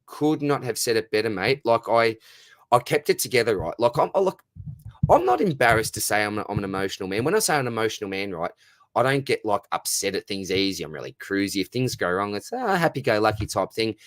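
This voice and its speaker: A man's voice: on the low side, very animated, fast talker, no echo, clean studio sound. Matey Australian man on a livestream. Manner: warm, matey, repeats words, says mate constantly. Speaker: livestream host answering chat. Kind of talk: casual live-stream chat.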